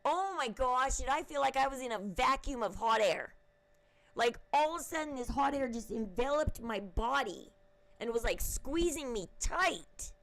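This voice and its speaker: A woman's voice: sits high, expressive, moderate pace, a bit bright, poor audio. A woman host rambling casually to her viewers in a chatty, emphatic way. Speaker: channel host.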